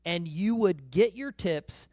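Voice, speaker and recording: Middle-aged guy hosting a money podcast, kinda high voice, dry studio sound, chatty and tells stories. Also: lively intonation, slow pace, a little mellow, dry recording. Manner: conversational, anecdotal, interjecting to summarize. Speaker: podcast host. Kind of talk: casual financial podcast chat.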